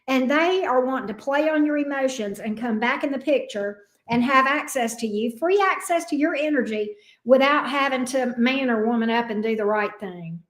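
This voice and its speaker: A woman reads tarot straight to her listeners in a fairly high voice. She is blunt and heated, swearing freely as she goes. The sound rings a little in an echoey room. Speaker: tarot reader. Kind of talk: casual tarot reading to camera.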